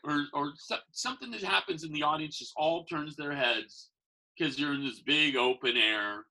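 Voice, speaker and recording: On poor audio, a professional Santa and magician tells rambling, casual stories at normal speed. His slightly high voice sounds bright and forceful, and he acts out the voices of people he quotes.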